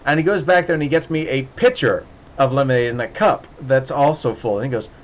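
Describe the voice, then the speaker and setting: A man's voice: mid-range voice, brisk. A man telling a casual, rambling story with many restarts and laughs, acting out voices in the quoted dialogue. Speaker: podcast host.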